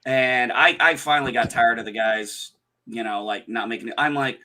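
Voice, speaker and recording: A man's voice: mid-range voice, moderate pace, pushed and bright. A man co-hosting a casual livestream chat, telling a story in a profane, exasperated way. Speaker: livestream co-host.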